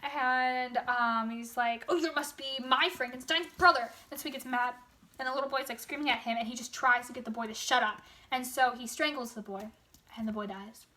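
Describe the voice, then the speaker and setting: A woman's voice: fairly high pitch, steady tone, bright, forceful tone. A young woman with a sore throat casually summarizing a novel, rambling with lots of fillers and slangy asides. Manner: rambling, filler-heavy retelling with quick casual quoted voices. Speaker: book summarizer. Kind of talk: casual spoken book summary.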